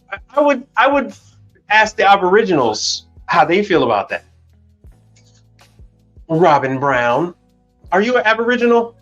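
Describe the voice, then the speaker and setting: A man's voice: high voice, sing-song, unhurried, pauses often, muffled recording, faint music behind. A man hosting a casual livestream, telling stories bluntly and with plenty of profanity, acting out the dialogue. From Chicago. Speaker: livestream host.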